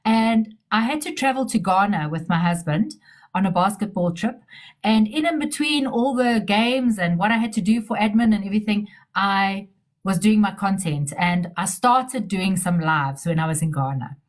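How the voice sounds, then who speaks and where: A woman's voice: mid-range voice, moderate pace. A middle-aged businesswoman, telling stories in a casual interview, chatty and repeating herself as she restarts sentences.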